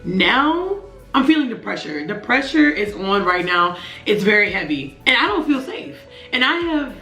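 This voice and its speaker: A young woman in her twenties telling a personal story to camera, earnest and emotional, with halting restarts. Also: medium pitch, sharp tone, echoey room. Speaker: vlogger.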